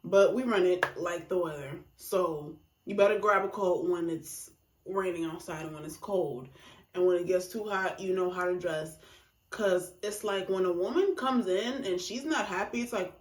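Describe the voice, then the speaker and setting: A woman gives a casual, emphatic monologue about relationships, acting out reactions in quoted voices as a relationship commentator. Her voice is fairly low-pitched at a moderate pace, and the recording is reverberant.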